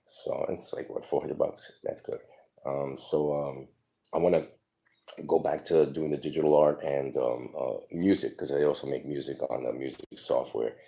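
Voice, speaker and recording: A man in his forties telling stories from his life in a casual, rambling way, halting with many ums. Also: rumbling low, gravelly, a little mellow. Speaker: storyteller. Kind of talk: casual personal storytelling.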